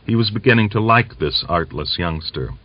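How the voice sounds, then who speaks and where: A man narrating a novel as an audiobook reader, in a measured, even storytelling manner. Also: on the low side, no room sound, lo-fi sound. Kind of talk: scripted narration.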